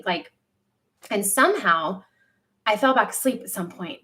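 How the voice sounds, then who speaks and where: A woman in her thirties hosting a casual livestream from home, telling a personal story candidly, with lively quoted asides. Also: mid-range voice, measured pace. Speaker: livestream host.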